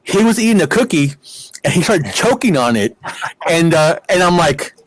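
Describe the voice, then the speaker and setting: A middle-aged man, a guest in a casual interview, telling animated stories with plenty of fillers and acted-out quotes. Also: fairly high pitch, normal speed. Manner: animated anecdotes with many fillers and quoted voices. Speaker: guest, wrestling promoter.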